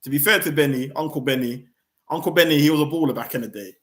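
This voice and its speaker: A young man hosting a football fan channel, ranting in a heated, slangy, animated way. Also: a little high, fast.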